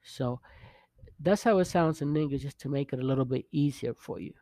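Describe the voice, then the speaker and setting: A man's voice: medium pitch, fairly quick, warm tone, no room sound. A man teaching a casual video language lesson, patiently repeating sounds and checking in with the viewer. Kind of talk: casual vlog-style lesson.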